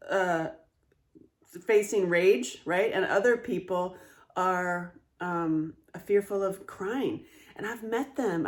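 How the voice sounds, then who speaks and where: A woman speaking candidly in a casual monologue as a trauma advocate, animated and swearing freely. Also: mid-range voice.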